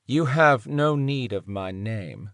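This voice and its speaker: A man voicing a smooth-voiced, mysterious male captor who speaks with calm condescension. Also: medium pitch, no room sound, studio quality. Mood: cold. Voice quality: smooth, hushed. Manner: measured, condescending.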